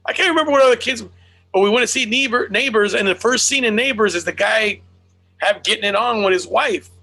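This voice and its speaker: A man's voice: sits high, fairly quick, sharp tone, soft background music. A man, a comedian, chatting casually and profanely on a podcast, slipping into Spanish and laughing as he tells a story. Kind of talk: casual chat.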